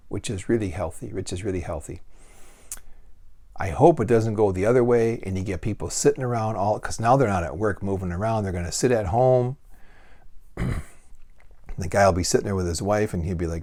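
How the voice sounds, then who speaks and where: Low-voiced blunt man ranting casually. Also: normal speed, darkish tone. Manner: blunt, folksy and profane, with rhetorical questions. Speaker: vlogger giving life advice. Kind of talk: casual off-the-cuff monologue.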